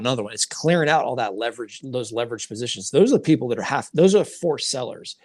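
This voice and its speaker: A man's voice: medium pitch, no echo, studio quality. A man co-hosting a podcast, explaining markets in casual talk, often restarting his sentences. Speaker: podcast co-host.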